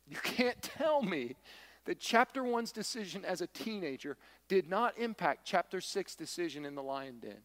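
A man's voice: high voice, very animated, normal speed, a bit bright, big-room sound. A man preaching a sermon, emphatic and repetitive, with folksy humor. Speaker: pastor.

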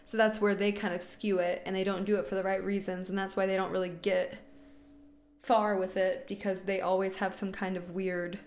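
A woman's voice: medium pitch, flat delivery, moderate pace. A young woman co-hosting a podcast, chatting about a film in a loose, casual way and swearing freely. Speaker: podcast co-host. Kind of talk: casual movie chat.

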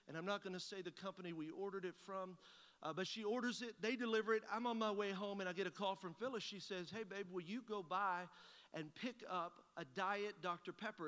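Male pastor, bright and forceful, folksy storyteller in a reverberant hall. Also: sits high, clean tone. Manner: folksy storytelling, acting out both sides of a conversation. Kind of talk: sermon with a personal story.

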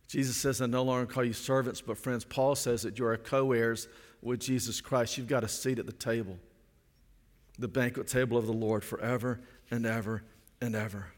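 A middle-aged man preaching a sermon in an earnest way, repeating phrases for emphasis and slowing down on key lines. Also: mid-range voice, steady tone. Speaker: pastor. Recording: long hall reverb.

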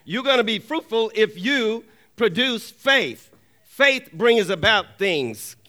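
A man's voice: sits high, very animated, slow pace, pushed and bright. A man preaching a sermon with emphatic call-and-response, often asking the congregation for an amen and repeating key lines for emphasis.

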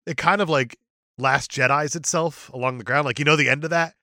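A man's voice: fairly high pitch, a little fast, pushed and bright, dry recording, studio quality. A man co-hosting a casual movie podcast, joking and riffing in silly voices. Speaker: podcast co-host.

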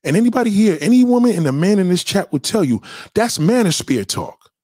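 Young guy going off on a livestream, kinda high husky voice, swings up and down a lot, keeps repeating himself. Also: very animated, fairly quick, mellow, no room sound, studio quality. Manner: heated, repetitive, profane, street slang. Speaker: livestream host answering chat. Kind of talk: casual livestream rant.

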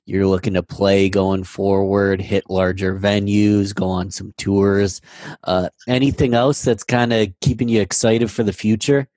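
A man's voice: fairly low pitch, flat delivery, unhurried, darkish tone, no room sound. A man hosting a casual video call interview, asking easygoing questions. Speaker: host, interviewer.

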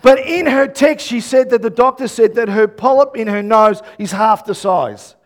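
High-voiced man preaching animatedly. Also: normal speed. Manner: animated, acts out quoted dialogue, shouts emphasis. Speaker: pastor. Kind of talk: sermon.

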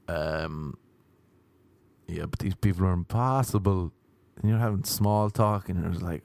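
Irish male comedian-host, low register, rambling sardonic rants, dry sound. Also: normal speed, gravelly, a little mellow, no room sound. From Ireland. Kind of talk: casual podcast chat.

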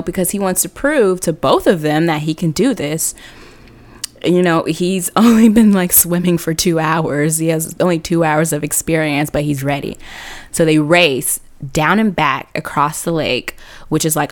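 A woman host with a deep voice tells a comic story at a moderate pace, using casual slang and laughing often.

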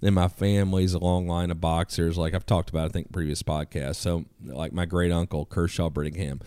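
A man telling stories as a guest in a casual podcast conversation, profane and animated. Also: sits low, brisk, smooth, dry recording, clean studio sound.

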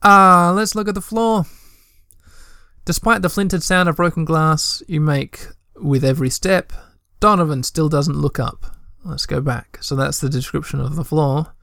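A man's voice: fairly high pitch, moderate pace, gravelly, few pauses, fairly bright tone, no echo, clean studio sound. A young man reading a text adventure aloud in a let's play, with chatty, joking asides.

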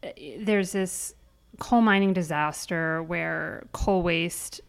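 A woman's voice: on the low side, slow pace, gravelly, smooth. A woman co-hosting a podcast in casual chat, asking questions and recounting events. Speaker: podcast co-host.

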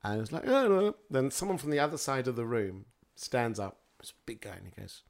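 Chatty male guest telling lively stories. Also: medium pitch, fairly quick. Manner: lively anecdotal storytelling with frequent fillers. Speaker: guest speaker. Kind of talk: casual interview chat.

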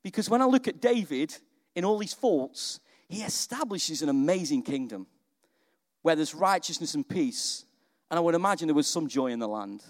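A man preaching a sermon in a lively, conversational way, often asking his listeners questions. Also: fairly high pitch, moderate pace. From England.

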